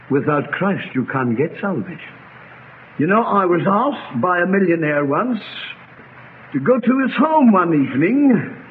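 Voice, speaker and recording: A man, a pastor, preaching a sermon to a congregation, swinging between loud cries and quiet low asides. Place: church congregation. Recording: tinny lo-fi archive sermon recording with faint noise.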